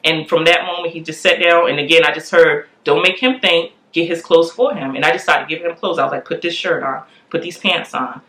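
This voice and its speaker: A woman in her forties telling a candid family story in a lively way, acting out the voices of the people in it. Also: sits low, quick pace, few pauses. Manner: animated, acts out quoted voices. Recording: echoey room.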